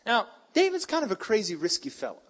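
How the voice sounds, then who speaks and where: A male preacher giving a sermon, retelling scripture in a hyper, animated way with casual slang. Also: sits high, fast.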